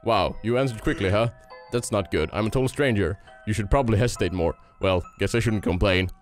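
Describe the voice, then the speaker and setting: A man reading a relaxed, teasing skeleton's lines from a game. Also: fairly low pitch, brisk, faint music behind, pitched below the performer's own voice, natural voice. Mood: laid-back. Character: laid-back joking skeleton man.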